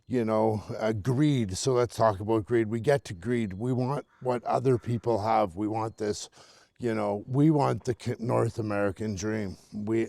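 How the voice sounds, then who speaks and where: A chatty middle-aged man from Canada with a gravelly, creaky voice, talking into a handheld phone as he walks a snowy neighborhood street. He rambles, laughs often and stops to greet the dogs and neighbors he passes. The sound is close and dry. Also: medium pitch, dark tone, dry recording. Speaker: vlogger. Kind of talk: casual walking vlog monologue.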